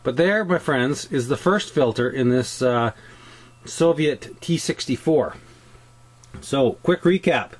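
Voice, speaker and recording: A Canadian man explains model-tank weathering in a loose, chatty way. He wanders off topic easily and keeps restarting his thoughts with plenty of ums. His pitch sits in the ordinary middle range for a man. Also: expressive, slow pace, slightly rough. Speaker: scale model builder. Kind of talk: casual hobby tutorial.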